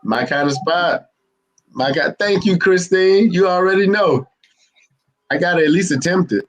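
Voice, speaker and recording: A man co-hosting a casual talk show, excitable and quick to laugh. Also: sits high, muffled recording. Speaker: podcast co-host. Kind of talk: casual chat.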